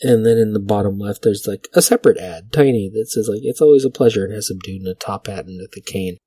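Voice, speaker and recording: Male podcast host, lowish husky voice, dry close mic, wry rambling commentary with casual swearing. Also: quick pace, dark tone, dry recording. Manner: rambling, wry and profane asides. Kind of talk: casual commentary reading vintage liquor ads.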